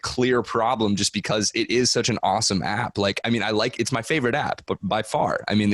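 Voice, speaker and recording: A young man hosting a podcast, chatting casually in an animated, worked-up way and swearing. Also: fairly low pitch, no echo, studio quality. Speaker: podcast host. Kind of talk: casual chat.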